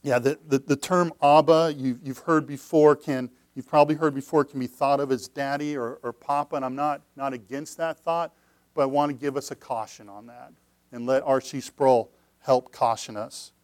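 A pastor preaching a sermon, earnest, repeating phrases and moving between hushed, low passages and loud, emphatic cries. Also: male voice, fairly even intonation, moderate pace, no echo.

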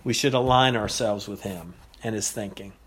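A man preaching an expository sermon, teaching in a measured way with pauses and repeated phrases. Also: fairly low pitch.

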